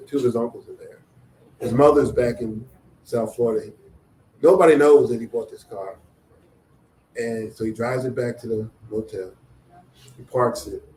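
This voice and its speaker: Man, author, mellow voice, storytelling, acts out dialogue, echoey room. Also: medium pitch. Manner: animated storyteller acting out quoted dialogue. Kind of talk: storytelling at a book event. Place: event venue. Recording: echoey room, faint noise.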